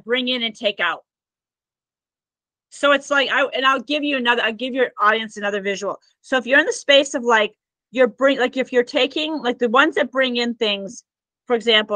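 This podcast guest, a healer and Akashic records practitioner, tells her stories conversationally, earnest and rambling with lots of "like." Her voice is a little high, bright, and forceful. There's no room sound, and the recording is rough.

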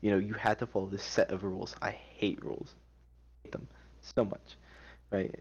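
A young man, a poet, talking casually as a guest in a relaxed, rambling way full of restarts. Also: on the low side, normal speed, slightly rough. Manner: laid-back, rambling, many "like"s and restarts. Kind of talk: casual chat. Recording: dull lo-fi sound.

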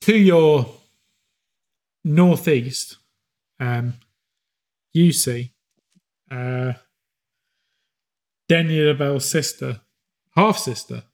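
A man running a tabletop game as game master, narrating haltingly with many pauses and filler sounds. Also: medium pitch, a little mellow. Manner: halting, full of ums, slows for grim scenes.

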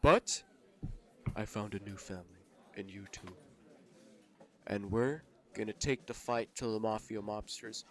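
A man playing Santa Claus as a vengeful action hero in an improvised comedy podcast, with a lively, theatrical delivery. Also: lowish voice, measured pace, long pauses. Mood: earnest. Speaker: podcast host. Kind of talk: improvised comedy role-play.

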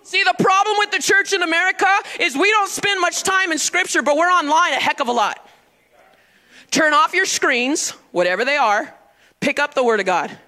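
A woman pastor preaches in a church with a very high voice. Her tone is piercingly bright and forceful. She drives each point home and calls on the congregation to answer back. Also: moderate pace. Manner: emphatic call-and-response preaching. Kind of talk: sermon. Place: church sanctuary.

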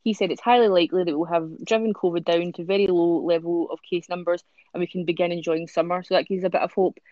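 A woman's voice: on the low side, fairly even intonation, fast, dry recording, dull audio. A woman hosting a podcast, chatting casually with many fillers and reading out newspaper stories. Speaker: podcast host.

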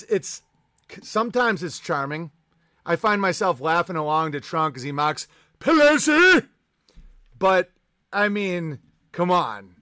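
A man's voice: fairly high pitch, bright, forceful tone, no echo, studio quality. A young adult man hosting a podcast, ranting in a profane, mocking comedic style about politics. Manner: profane, mocking, acts out voices. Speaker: podcast host.

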